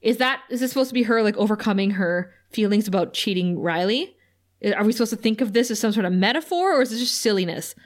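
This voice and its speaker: A woman's voice: medium pitch, expressive, fast talker. A woman co-hosting a casual podcast, recapping an episode while laughing often and swearing in exasperation. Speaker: podcast co-host.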